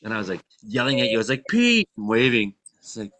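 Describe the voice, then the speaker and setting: A man's voice: on the low side, fairly even intonation, quick pace, a bit bright. A man from Canada hosting a casual live show, rambling and laughing often. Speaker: podcast host.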